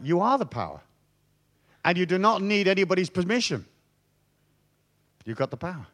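Swaggering, profane man storytelling. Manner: drops to hushed, low tones for emphasis. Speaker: motivational speaker. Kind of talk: storytelling talk to an audience.

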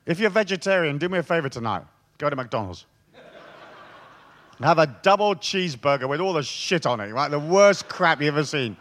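Lively, irreverent man. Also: a little high, moderate pace. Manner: profane, joking storyteller. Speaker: spiritual speaker. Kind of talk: irreverent talk to a live audience.

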